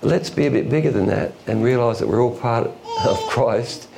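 A man preaching a sermon in a folksy, illustrative way, with quick asides and chuckles. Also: medium pitch, vocal fry, background noise. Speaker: pastor.

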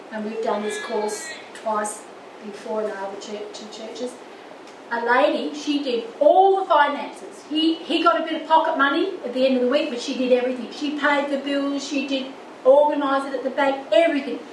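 A woman's voice: high-pitched, moderate pace. An older woman teaching a church marriage course, earnest and storytelling, acting out little quotes. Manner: earnest, with lively anecdotes and acted quotes. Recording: echoey room, distant mic, background noise.

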